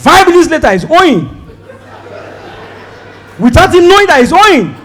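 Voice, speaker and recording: High, shouting Nigerian stand-up comic. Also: male voice, moderate pace. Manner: loud, animated, acts out voices, shouts punchlines. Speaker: stand-up comedian. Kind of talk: stand-up comedy set. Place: stage before a live audience.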